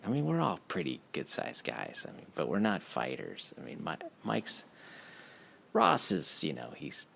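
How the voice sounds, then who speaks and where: A man telling a casual, profane story, laughing as he goes in an animated way. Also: extremely low pitch, measured pace, vocal fry, breathy edge.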